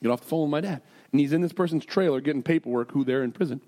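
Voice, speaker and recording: Animated, higher-voiced pastor. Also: male voice, very fast. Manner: animated, jumps between storytelling and earnest prayer; self-deprecating and jokey. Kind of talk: sermon with storytelling and prayer.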